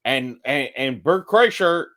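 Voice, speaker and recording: A tipsy man co-hosting a podcast, ranting loudly and profanely in casual chat. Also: mid-range voice, slow pace. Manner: loud, profane, animated ranting. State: tipsy from drinking. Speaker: podcast co-host.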